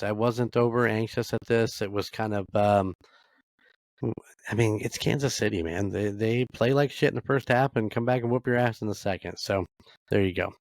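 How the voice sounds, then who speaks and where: A middle-aged man hosts a solo podcast, giving a blunt, casual sports recap packed with swearing, fillers, and rambling asides. His voice is on the low side, recorded with clean studio sound and no echo.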